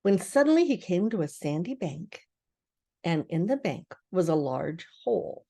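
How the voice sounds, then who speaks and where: An older woman, a grandmother, reading a children's storybook aloud in a gentle, expressive way. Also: fairly low pitch, a little slow.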